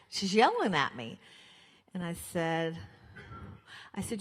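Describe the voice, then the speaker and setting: A woman's voice: fairly low pitch, expressive, measured pace, pauses often. An older woman from Colorado giving a chatty, storytelling speech to an audience, acting out the voices in her own anecdotes. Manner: chatty storytelling, acts out dialogue. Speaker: guest speaker at a fundraiser. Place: church hall. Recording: long hall reverb.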